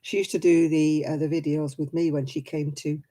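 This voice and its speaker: A woman with a Lancashire accent chats on her live crafting stream, answering viewers as she works. Her voice is mellow and warm. She laughs easily and keeps the talk relaxed. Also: deep voice, normal speed. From Oldham, England. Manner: chatty, answers viewer comments, laughs often. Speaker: crochet vlogger. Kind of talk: casual live-stream chat while crafting.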